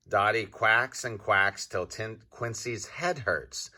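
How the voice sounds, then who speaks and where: A man reading a picture book aloud to young children, slow and deliberate, pausing to quiz his listeners. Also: fairly low pitch, sharp tone. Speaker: children's story reader. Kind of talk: read-aloud storybook for kids.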